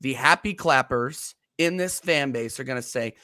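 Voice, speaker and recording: A man's voice: medium pitch, moderate pace, few pauses, pushed and bright, no room sound, clean studio sound. A man co-hosting a casual football talk show, ranting heatedly and stumbling over repeated words. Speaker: co-host of a football podcast. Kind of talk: casual chat.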